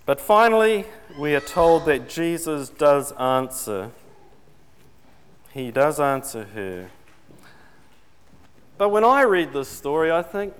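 A man's voice: fairly high pitch, very animated, takes it slowly, pauses often, clean tone. A man preaching a sermon in a conversational way, putting questions to his congregation. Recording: long reverb in a large hall.

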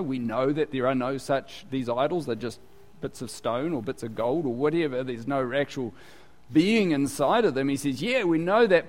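A man preaching a sermon in a chatty, conversational way, full of asides and rhetorical questions. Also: on the high side. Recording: long hall reverb.

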